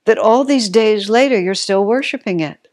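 A woman voicing a calm older male spiritual teacher who speaks gently but bluntly. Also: mid-range voice, normal speed, voice pushed up, close to an everyday voice. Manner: gently blunt, matter-of-fact.

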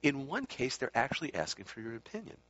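A very animated man with a mid-range, fairly bright voice talks fast through a rambling anecdote about a spiritual teacher he knew. He keeps correcting himself and slipping in asides, heard through a dull lo-fi recording.

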